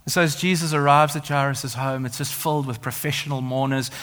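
A man's voice: mid-range voice, fairly even intonation, brisk, fairly bright tone. A man preaching a sermon as pastor, with an emphatic, building cadence and repeated phrases. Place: church. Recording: long hall reverb.

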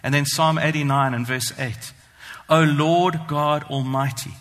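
A man preaching a sermon, earnest and emphatic, slowing down to stress the scripture he reads. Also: a little high, fairly even intonation, fairly bright tone. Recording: long hall reverb.

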